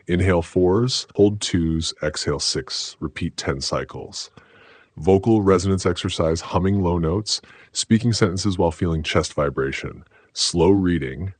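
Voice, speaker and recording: A man giving scripted motivational narration in a slow, deliberate, measured way, with a very deep, husky voice. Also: no echo.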